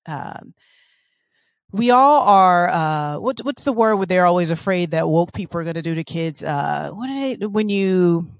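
A woman's voice: lowish voice, lively intonation, unhurried, no room sound, studio quality. A woman from the American South co-hosting a podcast in casual chat, swearing freely and acting out quotes from people. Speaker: podcast co-host.

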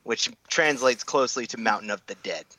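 Bright-voiced man explaining facts. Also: medium pitch, brisk, no echo. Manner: explains facts, corrects others. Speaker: podcast co-host. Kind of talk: casual podcast chat.

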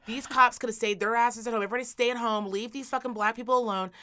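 A woman's voice: fairly high pitch, steady tone, fast talker, bright, forceful tone. A woman doing an irate, foul-mouthed God scolding humanity. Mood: angry, scolding. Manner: profane ranting. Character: furious scolding male God.

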